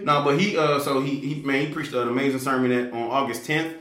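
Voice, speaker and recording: A man telling a story in casual conversation, animated and slangy, with many fillers and restarts. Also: fairly quick, echoey room. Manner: animated, acts out quoted people with big pitch jumps. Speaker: guest telling his story.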